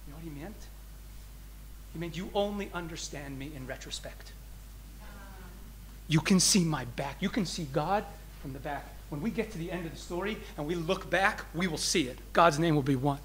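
A man in the role of a rabbi gives an explanatory teaching talk to an audience, moving between forceful and gentle delivery and slowing on key phrases. His voice sits on the high side, and there's a slight hiss or hum in the recording.

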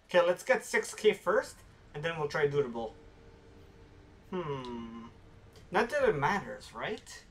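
A man streaming a video game, talking casually to his viewers and reacting excitedly as he plays. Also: on the high side, measured pace, pauses often, a little hiss or hum. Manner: excitable, talks to viewers while playing. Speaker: gaming streamer. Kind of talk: casual let's-play commentary.

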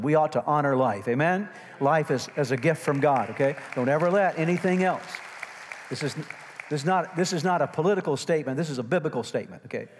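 Preaching man with a reverberant church sound. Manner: call-and-response, frequent "amen?" and "okay?" checks; swings from loud, high emphatic preaching to quiet, low asides. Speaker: pastor. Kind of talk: sermon. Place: church sanctuary. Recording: long reverb of a large church hall.

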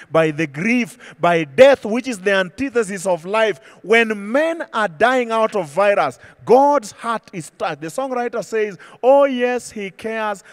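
High-voiced man preaching with passion. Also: no room sound, studio quality. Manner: impassioned preaching, slows and drops for scripture quotes. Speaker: pastor. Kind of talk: sermon. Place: church.

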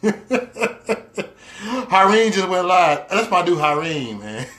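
A man hosting a casual livestream has a high, fairly bright voice and is very animated, yet he talks very slowly with frequent pauses. He reads viewer comments, teases the chat playfully, laughs often, and drops loose slang fillers.

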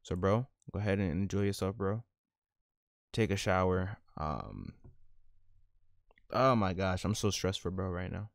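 Brief: male gaming host with a low voice, dry close mic, casual slangy commentary. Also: unhurried, creaky, long pauses, no echo. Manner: animated, slangy, laughs at his own jokes. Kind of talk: casual let's-play commentary.

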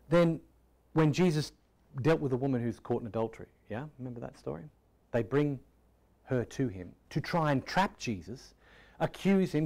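A man preaching a sermon in a conversational way, asking rhetorical questions and often dropping to a soft, quiet tone. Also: mid-range voice. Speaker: pastor.

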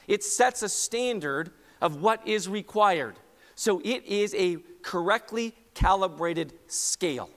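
A man's voice: sits high, lively intonation, unhurried. A man preaching a sermon as pastor, talking conversationally and asking the congregation direct questions. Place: church sanctuary. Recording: long church hall reverb.

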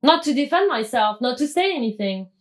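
Animated woman retelling a story. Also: high voice, a little fast. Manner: animated, acts out quoted dialogue, frequent restarts. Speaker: guest. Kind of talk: personal storytelling interview.

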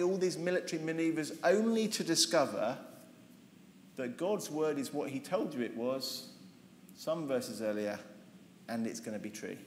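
A man teaches scripture with ironic humour, breaking into acted voices for the characters. His voice sits a little high. He is recorded in a large hall with a long, roomy echo and a faint hiss behind. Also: moderate pace. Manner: lively, humorous, ironic storytelling, acting out voices. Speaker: Bible teacher. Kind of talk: expository Bible seminar.

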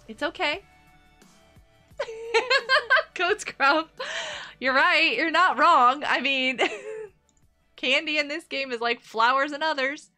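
A woman's voice: sits high, animated, takes it slowly, sharp tone, soft background music. A woman streaming a game live, chatting with her viewers in a bubbly, giggly way. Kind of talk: casual live-stream chatter while gaming.

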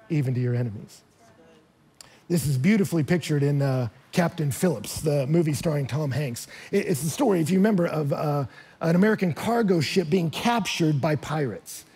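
Husky pastor guy preaching, kinda high voice, gets loud and emphatic on the big points. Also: expressive, moderate pace. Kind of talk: sermon. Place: church hall.

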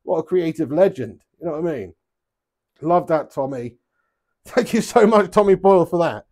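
A man's voice: fairly high pitch, expressive, normal speed, darkish tone. A man playing darts live, chatting to viewers and reading out their messages, joking, swearing freely and laughing a lot. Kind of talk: live stream banter, reading out chat. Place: home darts setup.

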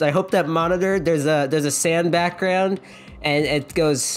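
A young woman with a lowish voice gives casual, jokey commentary while playing a video game. She reads the dialogue aloud and often breaks off to giggle. Game music plays faintly under her voice. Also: steady tone, measured pace. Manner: jokey, giggly, self-interrupting. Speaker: let's play streamer.

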